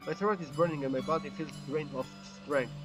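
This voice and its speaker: A man's voice: fairly high pitch, fairly even intonation, a little fast, over music. A man reading a text game aloud as a YouTube gamer, with occasional stumbles and self-corrections.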